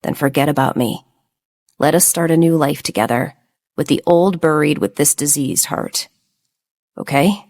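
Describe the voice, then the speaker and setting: A woman voicing a gravely ill young man who speaks gently and solemnly. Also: low voice, sing-song, moderate pace, exaggerated voice.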